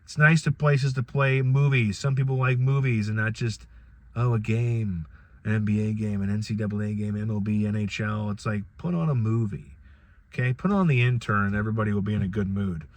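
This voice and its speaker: A man's voice: on the low side, a little fast, no room sound. A middle-aged man hosting a solo podcast, talking in a rambling, conversational way with frequent restarts. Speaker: podcast host. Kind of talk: casual solo commentary.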